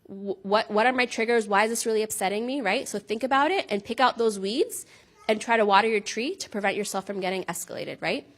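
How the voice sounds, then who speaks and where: A woman's voice: medium pitch, brisk. A woman giving an informal talk to parents about handling anger, speaking conversationally and often checking in with her listeners. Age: adult with a child. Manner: conversational, frequent "right?" check-ins, laughs at herself.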